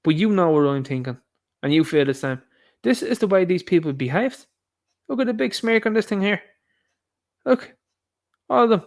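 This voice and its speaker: A man's voice: sits high, lively intonation, moderate pace, pauses often. Indignant Irish man ranting. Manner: indignant, sarcastic, addresses viewers as lads. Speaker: vlogger, commentator. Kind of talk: ranting news commentary.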